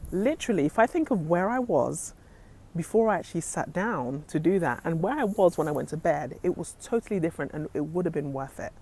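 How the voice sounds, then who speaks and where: A woman's voice: fairly low pitch, a little mellow. A woman giving an earnest, faith-driven inspirational talk to her phone camera, often saying "literally". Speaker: motivational vlogger. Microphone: handheld phone camera.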